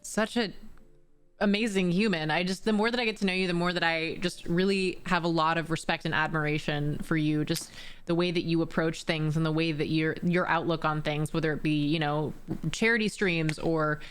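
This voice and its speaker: A woman's voice: low voice, fairly even intonation, clear, resonant tone. A young woman hosting a casual interview podcast, talking in an effusive, praising way. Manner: effusive, praising, quick asides. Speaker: podcast host.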